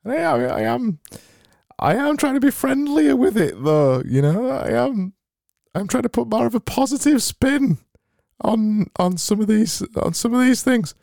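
A man voicing a forced-cheerful grinning man in a strained falsetto, as if smiling too hard. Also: big pitch swings, measured pace, vocal fry, a little mellow, no echo, studio quality, exaggerated voice.

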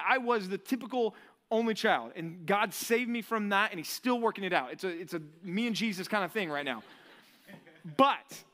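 A male pastor with a high-pitched voice delivers a lively, conversational sermon. He frequently poses rhetorical questions to the congregation.

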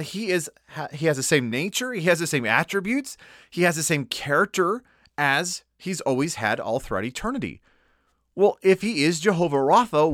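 A man preaching a sermon, explaining scripture and slowing down to stress key words. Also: a little high, a bit bright, no echo, studio quality. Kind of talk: sermon teaching.

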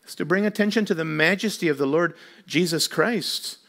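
High-voiced man preaching a sermon. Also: normal speed, a bit bright. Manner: emphatic preaching with rhetorical questions. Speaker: pastor.

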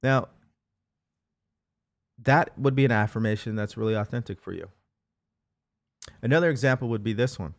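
A man's voice: medium pitch, moderate pace, pauses often, no room sound, clean studio sound. A man hosting a motivational live show, talking earnestly and repeating phrases as he coaches listeners. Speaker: host.

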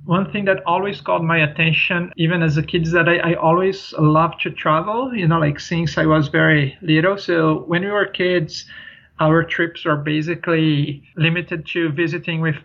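A man's voice: fairly high pitch, steady tone, normal speed, creaky, a bit bright. A man from Brazil with a Brazilian Portuguese accent, a podcast guest, talking in an easygoing way. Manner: easygoing, many fillers and restarts. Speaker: podcast guest, traveler and author. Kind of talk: casual interview talk. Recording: dull lo-fi sound.

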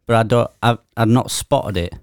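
A man's voice: mid-range voice, moderate pace, dry recording, studio quality. A man with a Yorkshire accent, co-hosting a podcast in casual chat, sweary and grumbling. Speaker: podcast co-host.

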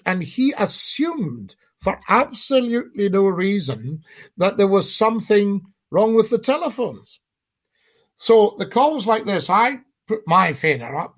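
A man, a former radio phone-in host, telling stories and acting out his callers' voices. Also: high-pitched. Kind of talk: interview anecdotes.

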